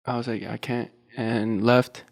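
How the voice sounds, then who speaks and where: A man's voice: medium pitch, measured pace, vocal fry. A young man on a podcast, a college athlete who tells his story casually and acts out what he and others said. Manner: relaxed, quotes himself and others in a storytelling way. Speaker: athlete guest.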